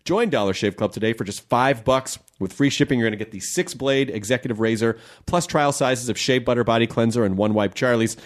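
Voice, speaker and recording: A man's voice: medium pitch, brisk, hardly any pauses. A man hosting a podcast, chatting casually and joking his way through ad reads. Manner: playful, jokey, rambling. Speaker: podcast host.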